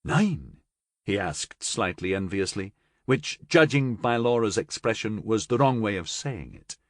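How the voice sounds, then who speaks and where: A man narrating a science fiction audiobook in an expressive reading style. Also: on the low side, unhurried, no echo, studio quality. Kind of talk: scripted narration.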